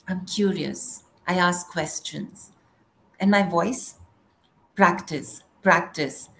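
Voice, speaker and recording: A middle-aged woman performing a spoken word poem in a slow, measured recitation. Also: fairly low pitch, creaky, a bit bright, rough recording. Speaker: poet.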